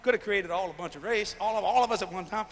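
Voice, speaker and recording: A man preaching at a big revival crusade in a folksy, joking style, shouting lines and then dropping to a low voice. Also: quick pace. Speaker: guest preacher. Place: large arena crusade. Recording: live arena sound with reverb.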